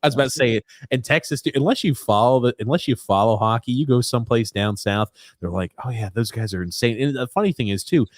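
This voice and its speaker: A man's voice: mid-range voice, fast talker, few pauses, no room sound, clean studio sound. A young man co-hosting a casual sports podcast, reading viewer comments and riffing on them with emphatic, repeated phrases. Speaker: podcast co-host.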